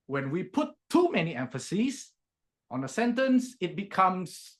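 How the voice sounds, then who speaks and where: A man's voice: high voice, sing-song, unhurried. A man coaching and evaluating speakers in a meeting over a video call, direct and demonstrative, acting out examples.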